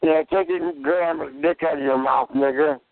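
Brief: heckling man, gravelly voice, dry thin phone sound. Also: fairly high pitch, fairly even intonation, moderate pace, no room sound. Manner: heckling, abusive. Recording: dry tinny phone line.

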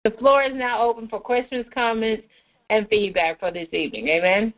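Woman leading a prayer on a phone call, kinda high voice, fervent and repetitive, thin tinny line. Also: steady tone, fairly quick. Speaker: prayer meeting moderator.

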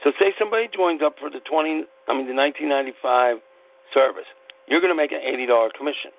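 A man talks bluntly and emphatically, folksy and preachy, swearing now and then. His voice sits a bit high and rough with gravel. It comes through a thin, phone-like line with a low mains hum underneath. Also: fast. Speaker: podcast host. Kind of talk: impassioned personal monologue.

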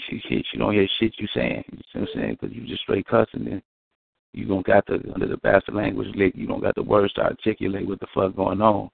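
Talking fast with a low, vocal-fry voice, a man holds forth in a casual street-talk podcast discussion, preachy and profane, acting out quotes as he goes. The recording is dry with no echo and a phone-like band.

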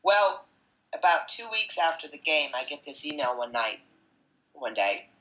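A woman who organizes tickets for a supporters' club, telling stories in a chatty, animated podcast style. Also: sits low, a little slow, highs cut off. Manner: chatty, animated, retells conversations with asides. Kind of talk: casual podcast storytelling.

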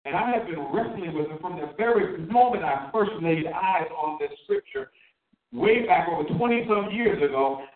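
Man, sermon, emphatic drawn-out words, echoey room, distant from the mic. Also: fairly high pitch, narrow, tinny audio. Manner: asks the listeners questions. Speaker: preacher.

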